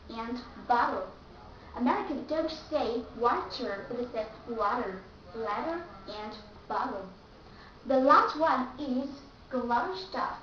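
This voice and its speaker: A high-voiced woman with a Vietnamese accent teaches a slow, careful English pronunciation lesson, repeating each example word. She sits some distance from the mic in a very echoey room, and the sound is dull and muffled. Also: slight background noise.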